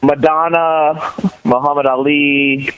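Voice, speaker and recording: A middle-aged man talking as a podcast guest in casual chat, telling rambling, animated stories full of restarts. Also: on the high side, takes it slowly, dull audio, slight background noise.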